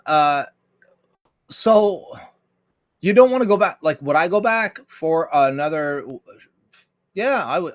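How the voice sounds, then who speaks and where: Profane man ranting. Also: on the high side. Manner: profane, blunt and argumentative; reads viewer chat aloud. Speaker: livestream host. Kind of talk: casual ranting commentary.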